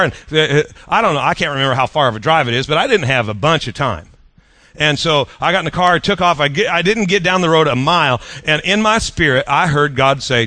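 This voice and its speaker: Folksy male preacher, bright forward tone, close dry recording. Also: on the high side, no echo. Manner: folksy, conversational with rhetorical questions to the audience. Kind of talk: sermon storytelling.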